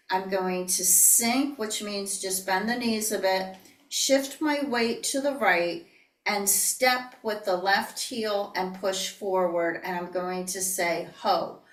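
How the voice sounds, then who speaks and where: A woman teaching tai chi in an online class, calmly cueing each step and breathing out whispered healing sounds. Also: mid-range voice, recorded from a distance. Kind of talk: online movement class instruction. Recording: echoey room, voice heard from off the mic.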